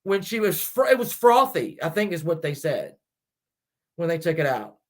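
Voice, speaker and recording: A man with a high-pitched voice tells a true-crime story in a loose, chatty style. He keeps stopping to rethink a point and fills the gaps with ums. He puts his theories to the viewers as questions. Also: sing-song, normal speed. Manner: rambling and hesitant, many restarts and fillers; speculates aloud, addressing viewers directly. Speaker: true-crime channel host.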